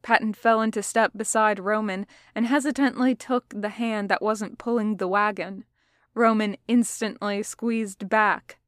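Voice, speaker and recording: A woman reading fan fiction aloud as audiobook narration, steady and picking up pace in tense passages. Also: medium pitch, a little slow, dry recording, clean studio sound. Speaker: podfic reader.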